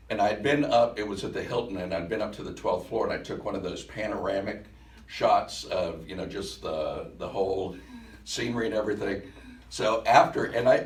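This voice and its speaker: A man presenting at a workshop, telling a story to a live audience in an animated way and laughing as he goes. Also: on the low side. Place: event room at a center. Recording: echoey room, mic some distance off.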